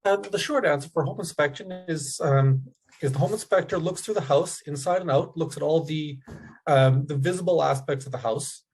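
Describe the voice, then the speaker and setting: A man who works as a home inspector, guest on a podcast, explaining at a measured pace with many ums. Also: fairly high pitch, darkish tone. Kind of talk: explaining in an interview.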